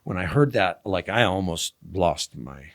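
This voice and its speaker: A young man in a casual podcast conversation, telling a story animatedly and dropping to a hush at tense moments. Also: low-pitched, animated, a little slow. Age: young adult. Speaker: podcast guest.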